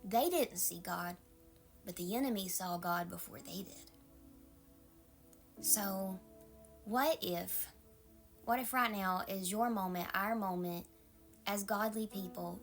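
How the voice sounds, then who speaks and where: Calm Southern woman pastor. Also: medium pitch, creaky. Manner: soft, calm and maternal, drops to whispers. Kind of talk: informal devotional sermon.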